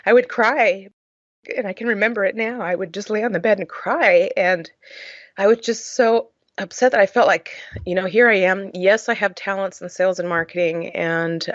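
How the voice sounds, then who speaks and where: A woman's voice: mid-range voice, fairly even intonation, normal speed, no room sound, dull audio. A woman guest on a podcast, earnestly telling her personal story in an emotional way, with frequent "uh" fillers. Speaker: podcast guest, charity founder.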